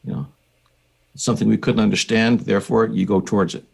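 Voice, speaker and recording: Older American man with a gravelly low voice. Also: steady tone, a little mellow. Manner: measured, reflective storytelling with occasional fillers. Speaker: psychiatrist and researcher, guest. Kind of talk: conversational podcast interview.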